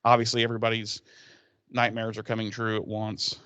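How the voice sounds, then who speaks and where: A man's voice: fairly low pitch, completely flat delivery, brisk, fairly bright tone, clean tone, no echo. A man hosting a podcast, recapping a TV episode in a rambling, profane, casual way with laughing asides.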